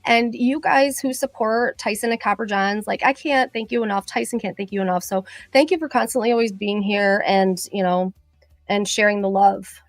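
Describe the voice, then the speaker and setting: A middle-aged woman, a cosmetologist chatting with viewers on a live stream, excitable and rambling with many fillers. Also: medium pitch, moderate pace, no echo. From Michigan. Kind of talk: casual live-stream chat.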